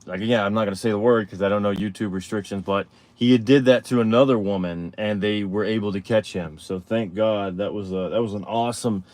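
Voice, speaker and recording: A man with a fairly low voice hosts a live stream. He tells a story casually, rambling and stopping to restart his sentences, with plenty of fillers. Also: fairly quick, few pauses, darkish tone, no echo. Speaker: show host.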